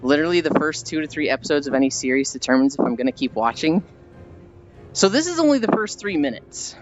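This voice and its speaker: A man's voice: on the high side, sing-song, fast. Streamer guy, casual and rambling, dull lo-fi sound with faint music underneath. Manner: rambling, acts out scenes in put-on voices. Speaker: livestreamer. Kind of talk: casual stream chat while walking.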